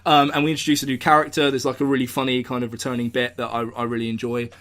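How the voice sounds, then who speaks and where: A man with an English accent hosting a casual live podcast, rambling through stories with lots of swearing and sudden shouted speeches. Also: medium pitch, flat delivery, racing. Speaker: podcast host. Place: indoors, recording live.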